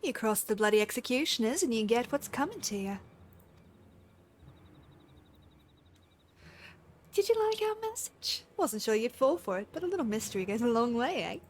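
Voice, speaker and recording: A woman's voice: on the high side, very animated, fast talker, hardly any pauses, a little hiss or hum. A woman doing a swaggering cutthroat pirate. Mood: menacing. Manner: rough put-on pirate accent, drawled taunts. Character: swaggering cutthroat pirate villain, taunting and bloodthirsty.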